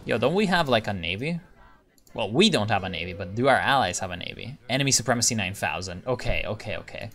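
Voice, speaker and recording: A man's voice: on the low side, expressive, fast talker, fairly bright tone. A man giving casual, rambling commentary on his strategy gameplay, thinking aloud and restarting sentences. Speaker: gaming video creator.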